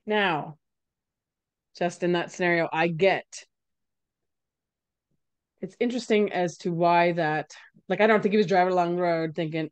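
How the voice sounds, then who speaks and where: A woman's voice: fairly low pitch, normal speed, long pauses, clear, resonant tone, no echo, muffled recording. A woman co-hosting a podcast, talking things through in a casual, reflective way with playful quips. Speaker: podcast co-host. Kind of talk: casual chat.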